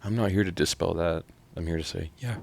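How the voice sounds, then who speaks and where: A music reaction host from Oklahoma walks through a new album track by track in a very low, gravelly voice heavy with fry. He's animated and profane, lurching from quiet mumbled asides to sudden loud, excited outbursts. His pace is brisk, and there's a little hiss or hum on the recording.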